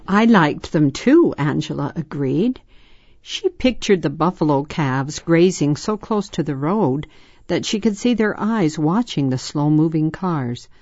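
A woman reading a children's story aloud in a measured, soft storytelling manner. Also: sits low, lively intonation, no echo, muffled recording. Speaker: narrator.

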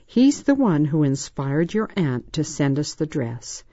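A woman voicing a patient mother in a storybook reading, calm and reassuring. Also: sits low, unhurried, dry recording, dull audio, heavily acted. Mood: warm. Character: gentle, patient mother of a little girl.

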